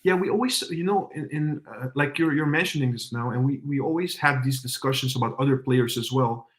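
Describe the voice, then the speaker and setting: A man hosting a relaxed football podcast in a voice of middle pitch. He reads viewers' comments aloud and questions his panel. He pauses often and fills the gaps with "um" and "uh". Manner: hesitant, with many fillers. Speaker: podcast host. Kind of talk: casual football podcast chat.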